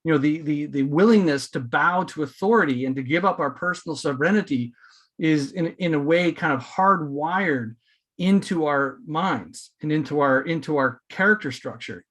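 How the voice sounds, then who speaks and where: A man's voice: fairly high pitch, moderate pace, fairly bright tone. A man hosting a casual spiritual podcast, talking in a rambling way with many fillers and restarts. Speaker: podcast host.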